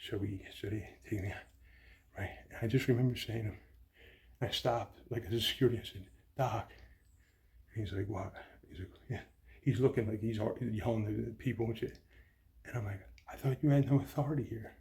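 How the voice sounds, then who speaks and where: A man's voice: mid-range voice, brisk, darkish tone. A man giving a rambling, profane, emotional account of his mother's death in hospital. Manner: rambling, profane, agitated retelling. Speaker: grieving son telling his story.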